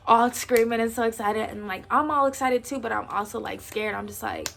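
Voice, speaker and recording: A young woman in her twenties tells a story from her own life in a relaxed, slangy vlog voice. There is a gravelly fry running through her speech, and faint music plays underneath. She acts out the quoted lines as she goes. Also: a little high, fast talker, few pauses. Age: 20s. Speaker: vlogger. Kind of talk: casual storytime.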